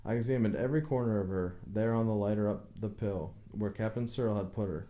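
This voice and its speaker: A man's voice: lowish voice, a little fast, mellow, lightly acted. A man reading an audiobook, voicing a stubborn village boat builder who speaks plainly but insistently and deferentially to authority.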